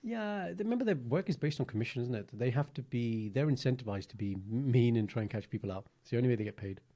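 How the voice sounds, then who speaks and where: A man, co-hosting a podcast in a chatty, animated storytelling way with lots of fillers. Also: medium pitch, quick pace. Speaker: podcast co-host. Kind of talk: casual chat.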